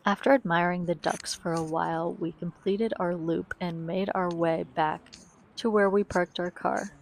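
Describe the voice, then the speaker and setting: A young woman narrates her travel vlog in a chatty, eager voice-over. Her voice sits a little low for a woman, and she often turns to speak straight to the viewers. It is recorded close on the mic. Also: steady tone, moderate pace, gravelly, a little hiss or hum. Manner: chatty and enthusiastic, addresses viewers directly. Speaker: travel vlogger.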